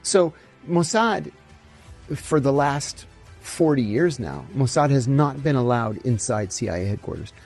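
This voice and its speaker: A gravelly, husky mid-range voice belongs to a middle-aged ex-intelligence officer spinning stories in an interview. He's animated throughout and voices the dialogue of the people in his tales.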